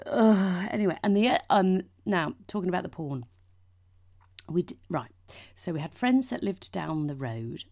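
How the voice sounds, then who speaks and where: A woman's voice: a bass voice, vocal fry, a little mellow. A woman in her forties, hosting a podcast and telling rambling, sweary anecdotes with lots of asides. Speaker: podcast host. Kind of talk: casual chat.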